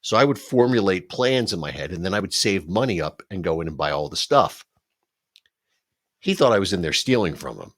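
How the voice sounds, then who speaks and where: Casual podcast co-host, middle-aged man, very low voice, rambling storyteller. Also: lively intonation, brisk, a bit bright. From Philadelphia. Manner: rambling, laughing storyteller with frequent restarts.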